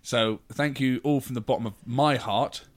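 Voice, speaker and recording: A man's voice: mid-range voice, normal speed. A man hosting a podcast, casually chatting, swearing and teasing his co-hosts. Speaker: podcast host. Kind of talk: casual banter.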